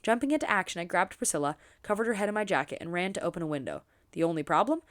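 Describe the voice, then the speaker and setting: A woman reading a romance novel aloud for her book channel, expressive and dropping in quick asides of her own. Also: on the low side.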